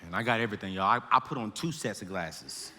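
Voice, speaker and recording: A man giving a comedic storytelling talk to students, animated and laughing as he acts out scenes. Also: lowish voice, fast talker, noisy background. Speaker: speaker to students. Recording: echoey hall.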